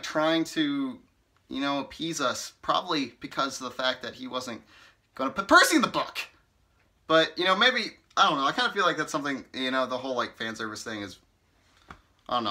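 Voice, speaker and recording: A man's voice: on the high side, bright, forceful tone. A man giving a casual spoken review in a chatty, rambling way, filling his talk with "like" and "you know" and sounding playfully exasperated. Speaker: book reviewer. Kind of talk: casual vlog commentary.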